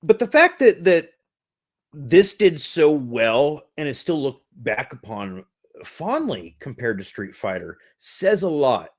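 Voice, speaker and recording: A man in his forties co-hosts a casual film review podcast. His pitch rises and falls in lively swings as he talks, and he laughs and swears freely. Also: slow pace. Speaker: podcast co-host. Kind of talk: casual movie review chat.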